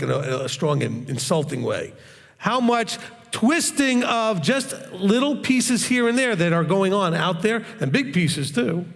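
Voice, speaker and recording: A man teaching in a Q&A session, talking in a hard, straightforward and blunt way. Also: high-pitched. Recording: long reverb, echoey hall.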